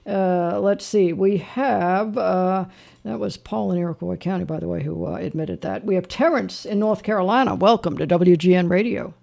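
A woman's voice: lowish voice, moderate pace, creaky, warm tone. A woman hosting a call-in radio show, chatting cheerfully with callers and thinking aloud with plenty of fillers. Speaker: radio host. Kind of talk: casual call-in radio chat.

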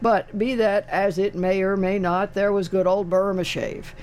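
A man's voice: high-pitched, flat delivery, a little slow, a little mellow, a little hiss or hum. An older man hosting a radio call-in show, chatting casually in a wry, rambling way with many fillers. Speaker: radio talk show host. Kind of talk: casual chat.

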